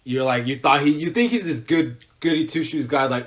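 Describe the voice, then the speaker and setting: A man's voice: mid-range voice, fairly quick. A young man co-hosting a casual podcast, talking enthusiastically and rambling with lots of fillers. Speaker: podcast co-host. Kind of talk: casual chat.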